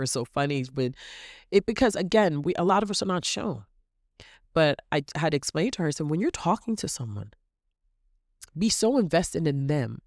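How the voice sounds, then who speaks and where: This podcast host and coach has a low-sitting voice captured in studio quality on a podcast mic with no room sound. She's animated and motivational, performing quoted voices in small exchanges and addressing her listeners as queens.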